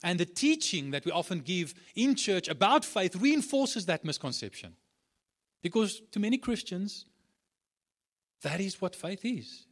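A man preaching a sermon, driving points home with repeated phrases and talking with frequent restarts and fillers. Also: high-pitched. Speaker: pastor.

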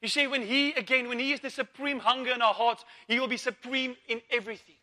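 A man's voice: very high voice, fairly even intonation, quick pace, bright, forceful tone. A man preaching a sermon, asking rhetorical questions, calling for amens and repeating words as he goes. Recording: long reverb of a church hall.

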